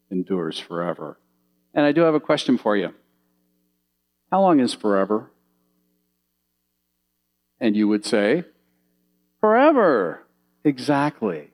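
A man with a fairly low voice, captured on a low-quality recording, preaches a sermon from slides. He tells vivid little stories with animation and puts questions to the audience.

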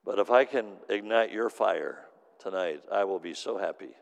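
A man with a lowish, gravelly voice delivers an earnest sermon, repeating phrases for emphasis. His words ring out with a long reverb across a large meeting hall. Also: moderate pace. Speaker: minister. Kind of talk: sermon storytelling.

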